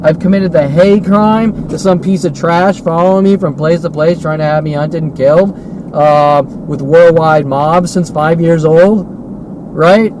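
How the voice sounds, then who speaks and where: A man's voice: fairly high pitch, fairly even intonation, a little slow, noisy background. A man delivering an agitated, profane, repetitive solo monologue from inside a car. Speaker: vlogger.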